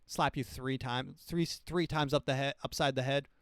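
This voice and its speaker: A man's voice: medium pitch, steady tone, normal speed, a bit bright, smooth, no room sound, studio quality. A man hosting his comedy show, talking in a loose, profane, rambling monologue. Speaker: comedy podcast host.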